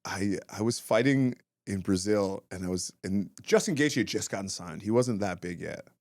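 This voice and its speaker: A man in his thirties telling a story in casual chat, animated and swearing, acting out quotes loudly. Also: low voice, moderate pace. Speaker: podcast guest, former fighter turned comedian.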